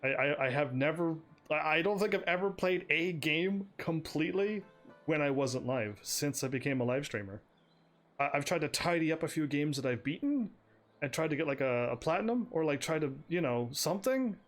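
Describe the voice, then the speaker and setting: A man's voice: a little high, lively intonation, normal speed, fairly bright tone. A man live streaming a game, chatting with his viewers in a casual, stammering way, laughing often. His voice sounds slightly strained. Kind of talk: casual gameplay commentary.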